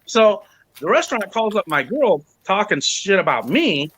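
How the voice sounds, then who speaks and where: A man with a noticeably high voice hosts a casual podcast chat. He tells a long grievance story with lots of energy, acting out everyone he quotes and cursing freely. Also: normal speed, breathy edge, poor audio. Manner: animated, acts out quoted people, swears. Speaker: podcast host.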